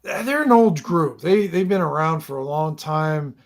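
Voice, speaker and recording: A man narrating a tabletop game as game master, rambling and halting with lots of fillers. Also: on the high side, lively intonation.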